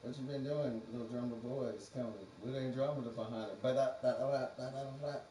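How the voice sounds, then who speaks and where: Talking fast in a dark, mid-range voice with fairly even intonation, a livestream host free-associates through a profane, rambling monologue and laughs often. The recording is roomy and distant from the mic, with faint background noise.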